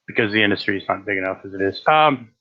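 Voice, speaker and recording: A man's voice: fairly low pitch, lively intonation, fast. A man from Rhode Island, hosting a rambling live stream and a little out of breath, swearing and stammering through filler words. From Rhode Island, USA. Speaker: livestream host. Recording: dull lo-fi stream audio.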